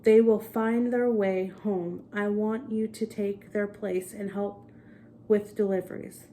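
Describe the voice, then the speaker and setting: A woman's voice: mid-range voice, fairly even intonation, slow pace, dark tone, a little hiss or hum, lightly acted. A woman voicing a stout, kindly old Santa figure, hearty and jovial, in a read-aloud storybook.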